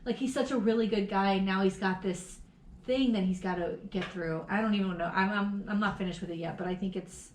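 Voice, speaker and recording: A woman co-hosting a podcast in casual chat, animated and swearing freely. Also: mid-range voice, brisk, reverberant, a little hiss or hum. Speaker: podcast co-host.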